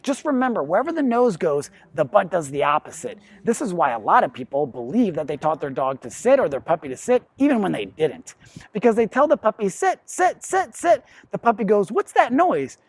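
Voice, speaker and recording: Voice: medium pitch, big pitch swings, a little fast, breathy edge. A professional dog trainer explaining puppy training basics in a plain, instructive way. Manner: plain, explanatory, acts out quotes.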